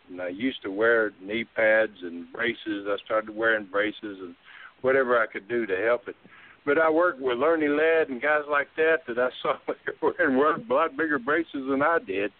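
A man's voice: medium pitch, expressive, normal speed. Man, folksy drawl, storytelling guest, phone-quality audio. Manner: drawling, folksy, laughs while telling stories. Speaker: guest, former wrestler. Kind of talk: casual storytelling. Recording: tinny phone-like line, dry.

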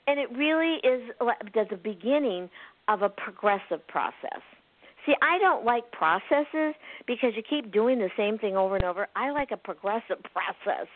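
Lively woman healer on a tinny line. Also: fairly high pitch, normal speed, no room sound. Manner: lively, laughing, acts out quoted people. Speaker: healer being interviewed. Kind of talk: animated storytelling interview. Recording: phone-like narrow sound.

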